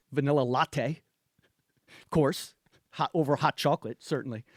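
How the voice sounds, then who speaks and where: A man co-hosting a casual podcast, telling an everyday story in a chatty, animated way. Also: mid-range voice, measured pace, no room sound, studio quality. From North Carolina, USA. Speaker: podcast co-host. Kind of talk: casual chat.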